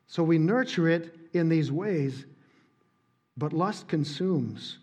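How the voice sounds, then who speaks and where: A man preaching a sermon in church, earnest and emphatic, dropping soft on key points. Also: fairly high pitch, animated, slow. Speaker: pastor.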